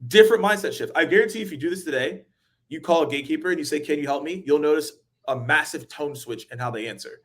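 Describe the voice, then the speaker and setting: A man hosts a sales webinar in an animated, casual way. His voice sits a little high, and he slips into quoted voices to act out phone calls. He laughs easily. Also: fast. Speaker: webinar host, sales trainer.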